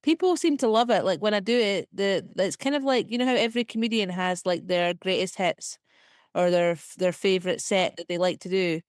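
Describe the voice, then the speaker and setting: A young Scottish woman chats loosely as a podcast guest, scattering fillers and little laughs through her talk. Her voice sits at an ordinary middle pitch. The recording is close and dry, with no room sound. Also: no echo. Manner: chatty, filler-heavy, quick self-deprecating laughs. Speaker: comedian and actor guest. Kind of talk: casual podcast interview.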